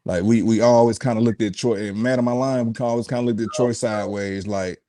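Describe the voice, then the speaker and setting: Low-voiced laid-back former football player. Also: male voice, fairly even intonation, a little fast, warm tone. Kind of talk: casual sports talk.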